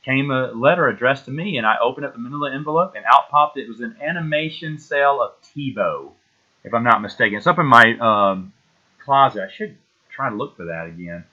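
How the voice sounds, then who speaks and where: A man's voice: medium pitch, animated, a little fast, pushed and bright, highs cut off. Rambling nostalgic man in his forties. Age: 40s. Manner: rambling, nostalgic, full of fillers and restarts. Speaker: podcast host. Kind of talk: casual solo chat.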